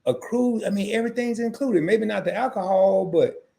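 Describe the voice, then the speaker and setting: A man's voice: sits high, moderate pace, gravelly. A man hosting a casual travel livestream, chatting with viewers and acting out little dialogues. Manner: animated, acts out quoted dialogue; greets chat viewers by name. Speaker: livestream host.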